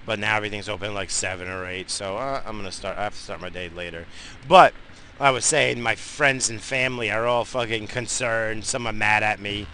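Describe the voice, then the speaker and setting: Brief: New guy, dad, heated swear-heavy car rant, forceful bright tone, faint road hum. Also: fairly low pitch, brisk, poor audio. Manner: profane, blunt, heated. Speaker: father vlogging while driving. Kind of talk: rambling casual rant. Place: in a moving car.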